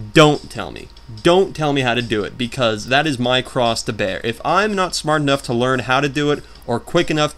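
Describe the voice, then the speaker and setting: A young man hosts a let's play, talking in a loose, rambling way with self-mocking asides. His pitch swings widely from line to line and sits in a middle register for a man. He jumps from one thought to the next like he is chatting with friends. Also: a bit bright. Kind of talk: casual gameplay commentary.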